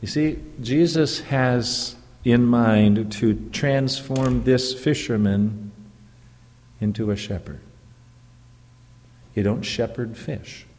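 Man, pastor, sermon, slow deliberate delivery, medium pitch, echoing sanctuary. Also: darkish tone. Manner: slow, deliberate preaching with emphatic rises. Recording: long reverb of a church hall.

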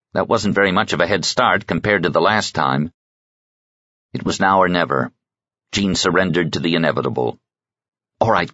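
A man reading a novel aloud as narrator, in an even, measured way. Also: low voice, dry recording, muffled recording. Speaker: audiobook narrator. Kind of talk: scripted narration.

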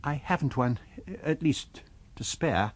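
A man reading a nervous doctor who speaks hesitantly and in a hushed way. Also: medium pitch, expressive, slow, no echo, voice pushed up. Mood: uneasy. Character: nervous male doctor, uneasy.

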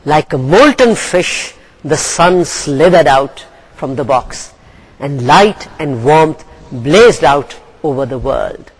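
Woman english teacher, slow and deliberate, voice goes up and down a lot. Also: sits low, breathy edge, poor audio. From Pakistan. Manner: slow, deliberate, expressive reading. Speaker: English lecturer. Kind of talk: lecture with story reading.

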